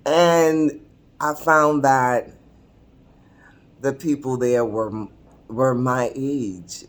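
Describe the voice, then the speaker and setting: A woman's voice: extremely low pitch, steady tone, extremely slow, long pauses. A woman in her sixties telling her own story to camera in a chatty, confiding way, often laughing mid-sentence. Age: 60s. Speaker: vlogger. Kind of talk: casual personal storytelling to camera. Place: seated at a table indoors.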